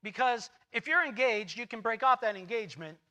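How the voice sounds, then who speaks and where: A man preaching a sermon as a church pastor, telling a Bible story with animated, acted-out paraphrases of the characters. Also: very high voice, brisk. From United States. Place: church sanctuary.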